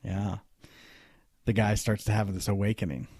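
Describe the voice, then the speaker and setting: Low-voiced man telling a story. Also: little pitch movement, normal speed, darkish tone, dry recording, studio quality. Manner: conversational, many fillers and restarts. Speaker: podcast host. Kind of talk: casual storytelling.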